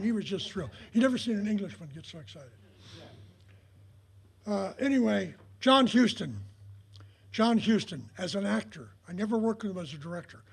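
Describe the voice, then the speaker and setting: Older male raconteur with a husky, high voice; rambling stories with acted-out quotes. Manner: rambling, many filler pauses, acts out quoted dialogue. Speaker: retired prop master giving a talk. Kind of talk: anecdotal storytelling talk. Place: talk in front of an audience.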